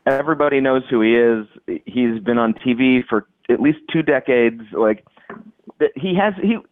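A man's voice: mid-range voice, moderate pace. A man chatting casually on a podcast, rambling with lots of restarts and "like"s. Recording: dry, tinny phone-like line.

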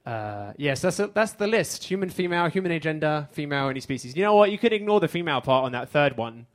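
A man with an English accent doing a stand-up set on a theater stage, with a dry, deadpan delivery. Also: fairly high pitch, quick pace. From England. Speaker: stand-up comedian.

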